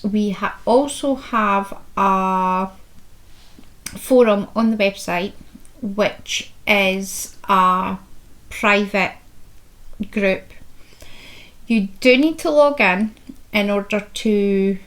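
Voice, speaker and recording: A woman's voice: medium pitch, drawn-out words, long pauses, a bit bright. A woman co-hosting a podcast, reading show notes in casual chat with a dry, joking manner. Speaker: podcast co-host.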